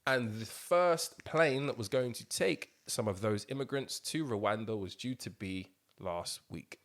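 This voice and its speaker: A man's voice: on the low side, lively intonation, unhurried, a bit bright. A man co-hosting a podcast in loose, slang-heavy casual chat. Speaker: podcast co-host.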